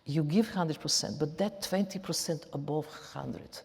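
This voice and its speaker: A woman's voice: low voice, normal speed, darkish tone. A woman with a Slavic accent speaking non-native English as an onstage interview guest, often repeating and restarting phrases. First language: Serbian. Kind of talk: onstage conversation. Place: large auditorium. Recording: long hall reverb.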